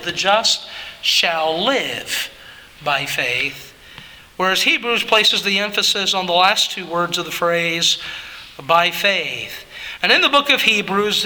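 A male pastor delivers a sermon with a high, sharp, bright voice. He preaches slowly and emphatically, swelling to shouts and then sinking low. The church sanctuary gives the recording a long, ringing reverb.

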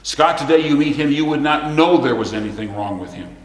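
A man delivering a sermon, mid-pitched and conversational at times, then lifting into emphatic, building declarations. The sound is roomy, with a long hall reverb trailing his words. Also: animated, fairly quick. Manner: swings from soft confiding storytelling to rising emphatic preaching. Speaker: pastor.

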